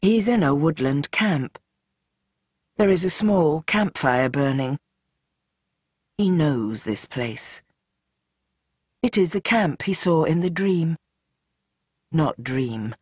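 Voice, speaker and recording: An audiobook narrator reading in a tense, dramatic way, speeding up and slowing down with the action. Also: medium pitch, animated, slightly rough, dry recording, studio quality. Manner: tense, dramatic, shifting pace. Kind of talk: scripted narration.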